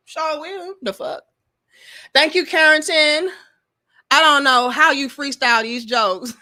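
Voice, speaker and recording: A woman hosting a casual livestream, reading chat comments and giving blunt, profane, animated advice. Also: sits high, a little slow.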